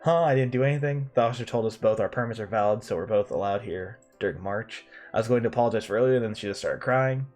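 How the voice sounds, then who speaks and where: A man's voice: on the low side, fast, few pauses, darkish tone, soft background music, natural voice. A man voicing an irritable young male food-truck owner who talks brashly and defensively, while reading a visual novel aloud.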